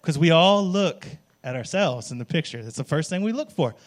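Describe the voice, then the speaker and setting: High-voiced man preaching a chatty sermon. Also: animated, normal speed. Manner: conversational, keeps asking "right?"; jokey, calls on the congregation. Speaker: worship pastor.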